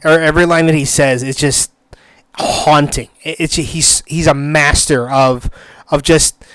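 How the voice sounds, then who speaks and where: A man hosting a solo podcast, gushing excitedly, cursing freely and stumbling over restarts. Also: a little high, clear, resonant tone, no echo. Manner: excitable, gushing, swears a lot, stammers and restarts. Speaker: podcast host.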